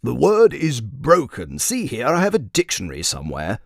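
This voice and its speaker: A man's voice: mid-range voice, wildly swooping pitch, normal speed, vocal fry, dry recording, studio quality. A man voicing an idle, pompous and dim-witted king who blusters and gets flustered. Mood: blustering.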